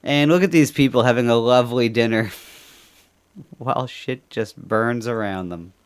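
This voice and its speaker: A man's voice: mid-range voice, measured pace, clear, resonant tone. A man from Canada co-hosting a podcast, rambling and joking through casual commentary and laughing often. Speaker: podcast co-host.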